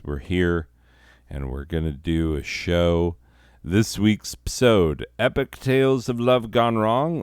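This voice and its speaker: A man's voice: rumbling low, a little mellow, clear, resonant tone, no room sound, studio quality. A man hosting a comedy show, telling stories in a rambling, profane, casual way full of fillers. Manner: rambling, heavy swearing, many fillers. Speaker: comedy podcast host. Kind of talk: casual profane comic storytelling.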